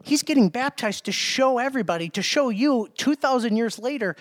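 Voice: mid-range voice, expressive, fairly quick, few pauses, no echo. A preacher giving a sermon, speaking emphatically, asking rhetorical questions and repeating words.

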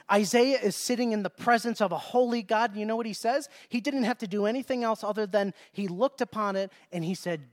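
A man's voice: high voice, a little fast, hardly any pauses. A man preaching a Bible-teaching sermon in a conversational way, often checking in with "okay?" and reading scripture aloud in King James wording.

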